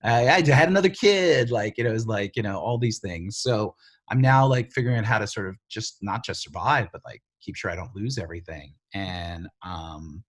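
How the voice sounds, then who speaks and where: A middle-aged man, a TV writer and showrunner, telling stories in a casual interview, lively and full of fillers, acting out the voices of other people. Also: fairly low pitch, normal speed. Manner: animated, filler-heavy storyteller who acts out quoted voices.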